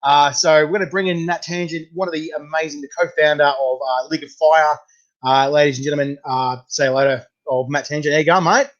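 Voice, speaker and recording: A man's voice: a little high, steady tone, a little fast, highs cut off. A man with an Australian accent hosting a casual video interview, full of slangy banter and laughs. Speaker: host.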